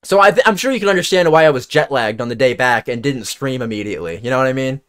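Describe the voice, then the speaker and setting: A young man streaming, telling a story in an animated, exasperated way and swearing freely. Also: medium pitch, quick pace, clear, resonant tone. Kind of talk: casual storytelling.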